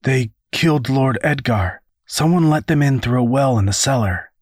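A man's voice: mid-range voice, expressive, moderate pace, no echo, studio quality, pitched above the performer's own voice, natural voice. A man voicing an anxious teenage boy, speaking urgently and breathlessly, his voice cracking. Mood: tense.

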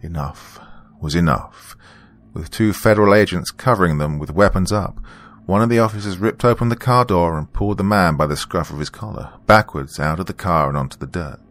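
A man narrating a first-person story in a dramatic, expressive storytelling manner. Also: low voice. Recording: faint background music.

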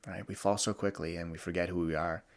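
A man's voice: deep voice, level tone, fast. A young man hosting a solo podcast, talking candidly and reflectively about his feelings, with frequent restarts. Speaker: podcast host.

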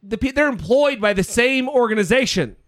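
Casting: sarcastic male podcast co-host, high lively voice, dry close sound. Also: brisk, no room sound. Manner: sarcastic and incredulous. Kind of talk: political commentary chat.

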